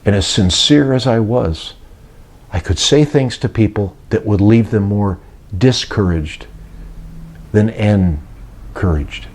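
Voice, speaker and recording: A man's voice: on the low side, a little mellow, slight background noise. An older man preaching and retelling a story, acting out the voices of those he quotes. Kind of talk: sermon-style teaching talk.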